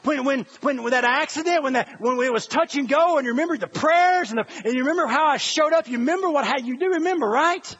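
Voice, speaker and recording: A man's voice: very high-pitched, fast, hardly any pauses, a bit bright, dull audio. A preacher voicing God as a let-down heavenly father. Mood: pleading. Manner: wry, pleading, with repeated rhetorical questions.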